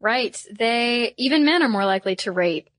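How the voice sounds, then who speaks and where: A woman co-hosting a podcast in a casual chat, relaxed and self-deprecating with quick jokes. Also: fairly high pitch, no room sound. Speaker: podcast co-host.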